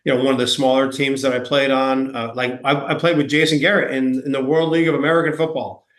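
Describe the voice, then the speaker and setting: A man's voice: medium pitch, flat delivery, quick pace, a bit bright. A man from New York with a New York accent, telling stories as a guest in a casual interview, rambling and self-deprecating with many fillers and restarts. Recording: echoey room.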